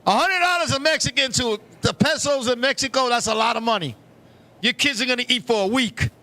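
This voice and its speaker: A middle-aged man hosting a live talk show, telling stories in a loud, profane, animated way. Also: very high voice, fairly quick. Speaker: show host. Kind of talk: live casual chat.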